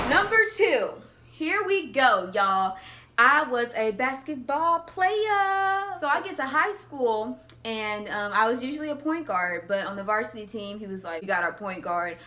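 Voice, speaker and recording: Young woman vlogger, bright, lively storytelling voice that acts out quotes. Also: a little high, normal speed. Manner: animated, laughing, acts out quotes. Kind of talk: casual storytelling.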